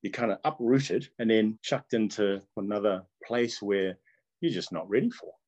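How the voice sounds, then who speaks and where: A middle-aged man from Tonga speaks. His voice is low and husky. He tells his life story in an earnest, animated way and chuckles as he remembers. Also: moderate pace, highs cut off. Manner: earnest, animated, chuckles often while recalling. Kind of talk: reflective personal storytelling.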